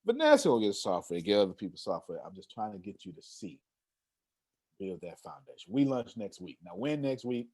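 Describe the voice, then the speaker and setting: A man's voice: lowish voice, fairly quick, husky. A man hosting an online meeting on a video call, talking in a casual motivational way with streetwise slang and a lot of repetition. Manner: animated, streetwise slang, repeats himself.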